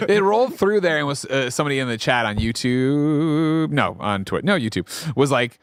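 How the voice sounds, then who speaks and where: A man hosting a gaming podcast, ranting in a casual, profane, animated way. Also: medium pitch, normal speed, hardly any pauses, clean tone, no echo, clean studio sound. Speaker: podcast host.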